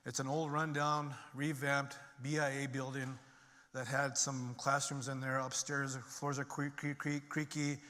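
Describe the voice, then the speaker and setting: A man's voice: mid-range voice, level tone, unhurried, pushed and bright. A middle-aged man giving a personal testimony talk, conversational with many fillers and restarts. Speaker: speaker sharing his recovery story. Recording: long reverb of a large hall.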